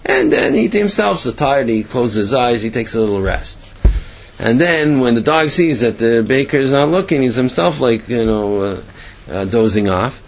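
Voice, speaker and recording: A man's voice: medium pitch, moderate pace, dull audio, a little hiss or hum. A man giving a sermon and telling parables, asking himself questions as he goes. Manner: storytelling, animated, asks himself questions.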